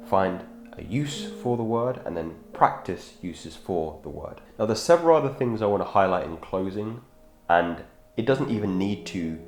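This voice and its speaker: Male self-improvement host, very low register, measured and thoughtful with self-corrections; echoey room, guitar bed. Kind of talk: instructional monologue on speaking.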